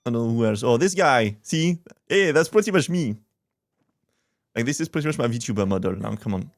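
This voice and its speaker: A man's voice: mid-range voice, lively intonation, brisk, dry recording. A man streaming a game, chatting casually and crudely with a joking, laughing manner, close to a desk mic.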